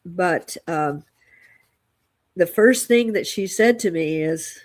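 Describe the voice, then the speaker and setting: A woman's voice: fairly low pitch, takes it slowly, long pauses. A woman co-hosting a casual spiritual chat show, a Reiki master teacher who tells her story reflectively and with restarts.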